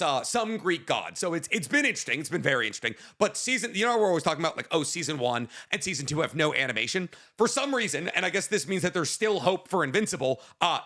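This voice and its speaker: A man's voice: on the high side, pushed and bright. A man co-hosting a podcast, chatting casually and trading jokes in banter. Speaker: podcast co-host. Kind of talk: casual chat.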